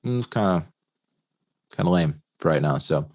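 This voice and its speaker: A man co-hosting a racing podcast, talking casually with lots of fillers and quick laughs. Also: sits low, lively intonation, no echo, clean studio sound. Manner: rambling, laughs often, many fillers. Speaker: podcast co-host. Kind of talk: casual chat.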